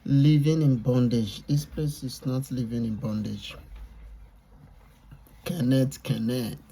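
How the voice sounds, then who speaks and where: A man's voice: medium pitch, steady tone, takes it slowly, mellow, husky. A Nigerian man giving casual reaction commentary, lecturing and repetitive, mixing Pidgin with English. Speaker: reaction vlogger.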